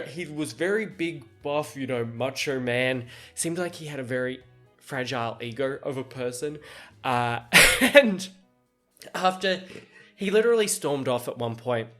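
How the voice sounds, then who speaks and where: A man hosting a podcast, telling a work story in casual chat, laughing often and acting out what people said. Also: medium pitch. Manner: animated, laughs often, acts out quoted dialogue. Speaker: podcast host.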